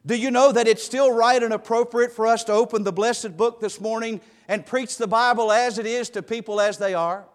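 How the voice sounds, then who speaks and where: A man's voice: extremely high pitch, fairly even intonation, a little fast, few pauses. A man preaching a sermon as pastor, emphatic and repeating key phrases for weight. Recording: long hall reverb.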